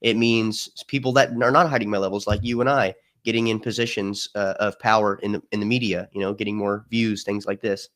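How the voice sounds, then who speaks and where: A man's voice: fairly low pitch, fairly even intonation, fairly quick, few pauses, fairly bright tone. A man talking as a podcast guest in a casual political discussion, emphatic and given to storytelling with mimicked voices.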